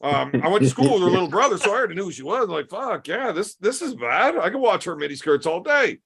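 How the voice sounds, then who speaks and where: Crude storytelling man, higher voice. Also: big pitch swings, quick pace, creaky, fairly bright tone, breathy edge. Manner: crude, swearing, laid-back storytelling. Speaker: podcast host. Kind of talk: casual storytelling chat.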